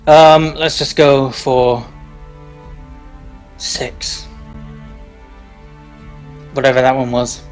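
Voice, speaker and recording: A man playing a tabletop game, delivering dry, deadpan one-liners. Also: mid-range voice, extremely slow, pauses often, soft background music. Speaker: player.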